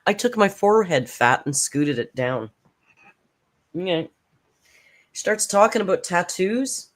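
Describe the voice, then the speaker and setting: A woman's voice: fairly low pitch, big pitch swings, measured pace. A woman hosting a reaction channel, giving blunt, sarcastic casual commentary and swearing freely.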